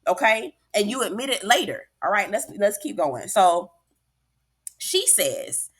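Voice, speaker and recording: A woman's voice: mid-range voice, very animated, unhurried, slightly rough. A woman giving a sassy, emphatic casual recap of a reality show, talking straight to her viewers. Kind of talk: casual commentary vlog.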